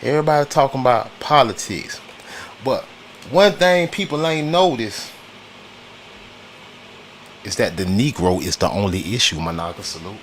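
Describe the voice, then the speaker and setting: This clip has a faint hiss or hum. A man from the United States, speaking at medium pitch with expressive delivery, moderate pace and long pauses, chats casually about politics on his stream. His talk is slangy and repetitive, broken up by greetings to viewers in the chat.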